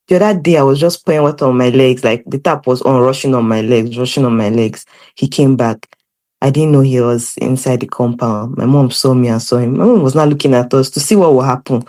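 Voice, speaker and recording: Young woman, animated, laughing, casual storytelling. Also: rumbling low, brisk. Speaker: podcast guest.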